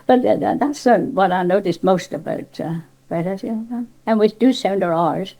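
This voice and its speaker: A woman's voice: medium pitch, moderate pace, dark tone, low-quality recording. An older woman from Cornwall with a Cornish accent, chatting in an interview about dialect, rambling with many restarts and asides. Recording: cassette tape.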